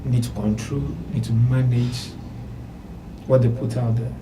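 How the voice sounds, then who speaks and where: A male panel guest gives measured, hesitant answers in a mid-range voice. Clear background noise runs under him in a noisy room. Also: medium pitch, flat delivery, warm tone. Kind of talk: talk show discussion.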